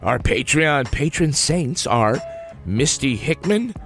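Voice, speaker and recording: A man co-hosting a podcast in casual banter, telling dry jokes and lively little stories. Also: on the high side, takes it slowly, music in the background. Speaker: podcast co-host.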